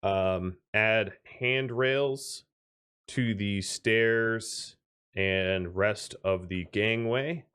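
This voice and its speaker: A man casually commenting while he streams a survival game, chatty and thinking out loud with filler words, thanking viewers as he plays. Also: lowish voice, drawn-out words, smooth.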